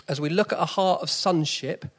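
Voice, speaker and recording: A man's voice: fairly high pitch, moderate pace. Earnest South East London preacher man. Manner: earnest and conversational, with sudden emphatic rises. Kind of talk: sermon.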